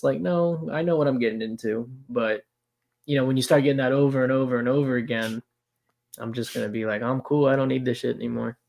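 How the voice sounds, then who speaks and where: A man's voice: mid-range voice, fairly even intonation, fast, vocal fry. A man co-hosting a collectibles stream, rambling in a fed-up way with lots of fillers. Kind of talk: casual chat.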